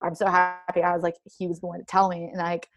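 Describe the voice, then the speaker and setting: Young female athlete guest, casual and lively storyteller, acts out quoted lines in her own voice. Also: fairly low pitch, quick pace. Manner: animated, heavy use of "like", acts out quoted dialogue. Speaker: guest, professional soccer player.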